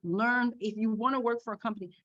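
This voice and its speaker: A woman guest telling a story in a casual, animated way, laughing along. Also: a little high, fast talker. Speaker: podcast guest, makeup artist. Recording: dull lo-fi sound.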